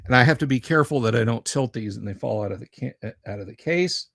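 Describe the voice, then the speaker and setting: A man of middling pitch hosts a laid-back livestream. He rambles and cracks jokes as he chats with his viewers. His voice sounds dry and close, with no room sound. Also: expressive, quick pace, creaky, a bit bright, dry recording. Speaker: livestream host. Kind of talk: casual livestream chat.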